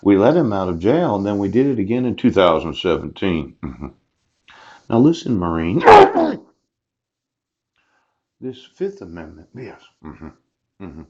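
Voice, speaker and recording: A man with a lowish voice talks in a long, rambling monologue, breaking in with short laughs and a steady string of "yes" and "mm-hmm." He sounds American. The recording is dull and lo-fi. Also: unhurried, pauses often, husky. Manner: punctuates phrases with laughs and repeated "yes". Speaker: self-recorded speaker addressing officials.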